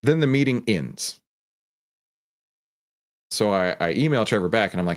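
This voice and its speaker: With an expressive, fairly low voice at normal speed, a Texas-accented man hosts a live stream. He keeps the mood relaxed, cracks jokes, and names viewers in the chat as he greets them.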